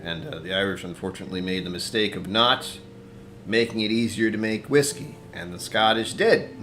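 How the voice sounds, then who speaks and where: A man's voice: on the low side, sharp tone, a little hiss or hum. A man hosting a casual whiskey-tasting livestream from his apartment, rambling, talking to himself and chuckling often.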